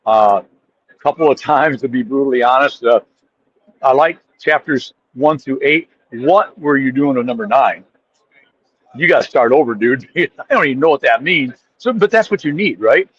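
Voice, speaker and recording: A man appearing as a podcast guest tells stories in a casual chat, acting out quotes animatedly and often restarting his sentences. His voice is medium-pitched and husky at a moderate pace, on a lo-fi recording.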